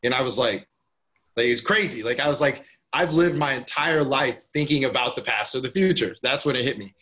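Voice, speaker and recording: A man in relaxed podcast conversation, middle-pitched and eager. He rambles, restarts his sentences and leans on filler words as he gets excited about an idea. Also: a little fast. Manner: enthusiastic, rambling with many restarts and "like". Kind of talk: casual conversation.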